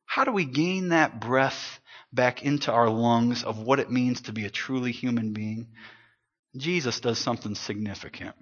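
A man preaching a sermon to his congregation, swinging between loud emphatic lines and hushed, soft ones. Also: fairly high pitch. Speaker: pastor. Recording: dull lo-fi sound.

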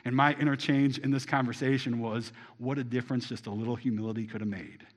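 A man preaching a sermon to a congregation, asking them rhetorical questions and swinging between loud emphasis and quiet asides. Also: medium pitch, fairly even intonation, fast. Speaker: pastor.

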